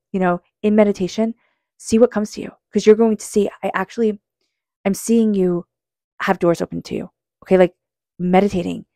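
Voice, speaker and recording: A woman giving a psychic tarot reading, earnest and speaking straight to the listener, calm with slow passages. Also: medium pitch, vocal fry, dry recording, clean studio sound. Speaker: tarot reader.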